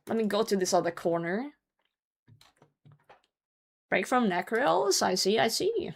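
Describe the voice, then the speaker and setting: Sing-song and creaky, her mid-range voice runs a little slow, with long pauses. The Norwegian streamer plays a game while casually chatting in her second language, English, swearing freely in replies to chat.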